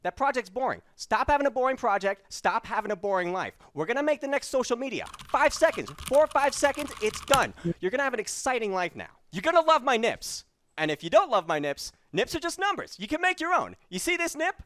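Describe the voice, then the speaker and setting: Man playing a brash New York infomercial pitchman, high and lively, noisy background. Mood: hyped selling. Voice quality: brash, fast-talking sales patter. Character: loud pushy male infomercial pitchman. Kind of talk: parody infomercial.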